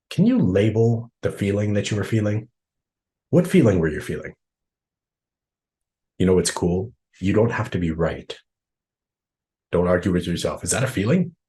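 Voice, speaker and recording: A low-voiced man runs a training session for professionals. He talks casually, often ends points with tag questions and acts out what people think to themselves. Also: darkish tone. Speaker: workshop trainer.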